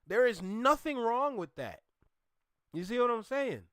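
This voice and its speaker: Brief: man co-hosting a reaction show, high tense voice, animated and mocking, dry close sound. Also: unhurried, clear, resonant tone, no echo. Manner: animated, mocking, laughs often. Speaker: co-host reacting to a clip. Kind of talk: casual commentary.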